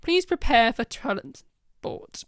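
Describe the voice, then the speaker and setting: A woman's voice: a little high, animated, slow. A woman reading the part of a composed, formal female alien police officer with a Welsh accent. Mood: stern.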